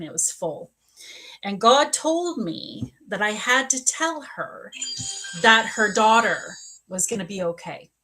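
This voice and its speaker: A woman's voice: medium pitch, pushed and bright. Chatty woman psychic telling a story. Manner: chatty, personal, acts out dialogue. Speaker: psychic medium and spiritual coach. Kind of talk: casual livestream storytelling and readings.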